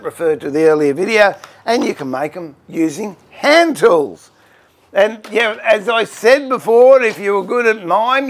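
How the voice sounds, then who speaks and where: A man's voice: high voice, a bit bright. A middle-aged Australian man hosting a woodworking livestream, chatting casually and greeting viewers by name with self-deprecating humour.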